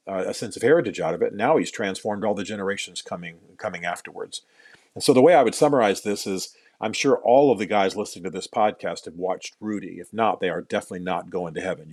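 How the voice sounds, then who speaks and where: An earnest middle-aged man talks as a podcast guest in a slightly low voice. He tells stories at length, repeats words as he builds each point and drops in dry self-deprecating jokes. The recording is dry and close. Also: fast talker, a little mellow, no room sound. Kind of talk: podcast interview, storytelling.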